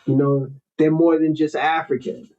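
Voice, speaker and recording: Male host, high voice, blunt lecturing delivery, muffled lo-fi audio. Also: steady tone, moderate pace, a little mellow. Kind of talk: casual opinionated talk. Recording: dull lo-fi audio.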